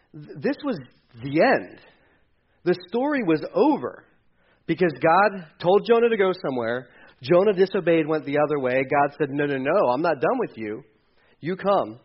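A man preaching a conversational sermon, swinging from loud emphasis to hushed, quiet passages. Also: medium pitch, lo-fi sound. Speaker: pastor.

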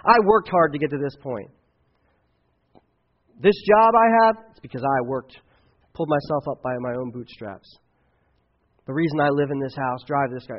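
A man preaching a sermon as pastor, emphatic, swinging between loud outbursts and quiet asides. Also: medium pitch, moderate pace, long pauses. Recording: dull lo-fi recording.

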